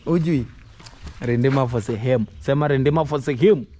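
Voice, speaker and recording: A man's voice: mid-range voice, normal speed, warm tone. A man talking casually to camera in broken English and coaxing his young children, in a home family vlog. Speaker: vlogger.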